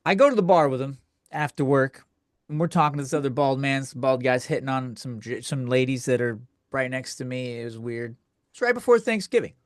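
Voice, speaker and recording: A man's voice: mid-range voice, a little fast, no echo, studio quality. A man hosting a comedy podcast, ranting in a crude, profane, rambling way with lots of restarts. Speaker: podcast host. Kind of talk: comedic rant.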